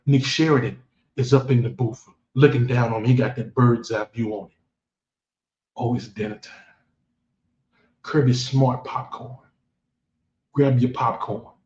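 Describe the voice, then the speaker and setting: A man's voice: mid-range voice, darkish tone. A man giving boastful, taunting football commentary as a fan vlogger. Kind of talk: trash-talking football commentary. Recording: echoey room, dull lo-fi sound.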